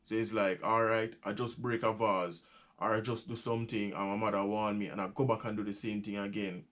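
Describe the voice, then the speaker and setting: A man's voice: lowish voice, level tone, a little fast, fairly bright tone. A young Jamaican man with a Jamaican accent, chatting casually as he explains local sayings, laughing often and repeating phrases. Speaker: vlogger teaching patois.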